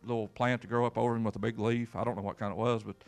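Gravelly preacher man. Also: on the low side, little pitch movement, very fast, faint music behind. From Kentucky. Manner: folksy, emphatic preaching with repeated words and call-outs. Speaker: pastor. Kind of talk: sermon.

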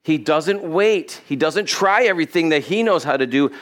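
A man's voice: fairly high pitch, normal speed. A man preaching a sermon in a church on a body-worn microphone, acting out the lines of the people in the story. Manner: animated, acts out Bible characters' lines. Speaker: pastor. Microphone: body-worn mic with cable.

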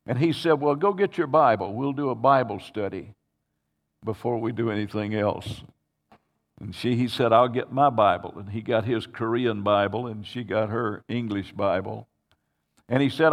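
A man preaching a sermon, his voice set at an ordinary middle pitch. He tells his story loosely, stopping and restarting often. His words ring on with the long reverb of a church hall. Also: normal speed. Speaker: pastor. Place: church sanctuary.

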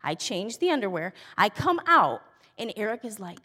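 A woman telling a funny personal story in a casual, exasperated, animated way. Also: medium pitch, moderate pace. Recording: long hall reverb.

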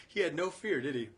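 This man's voice runs on the high side as he preaches. His sermon dramatically retells a story, mixing chuckled asides with loud, forceful quotations.

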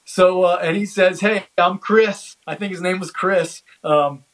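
A man co-hosting a casual podcast chat, talking haltingly with many fillers and restarts. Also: high voice, fairly even intonation, slight background noise, low-quality recording. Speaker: podcast co-host. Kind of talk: casual chat reviewing a comedy special.

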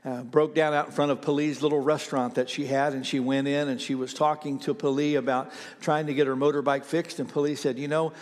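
Pastor preaching in an echoing hall. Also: male voice, a little high, little pitch movement, a little fast, hardly any pauses. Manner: conversational storytelling, with hesitant fillers. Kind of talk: sermon.

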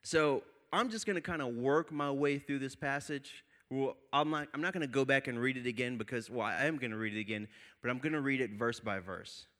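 Animated young male preacher telling stories. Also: mid-range voice. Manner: animated, laughing storyteller. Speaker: pastor. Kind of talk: sermon with personal storytelling.

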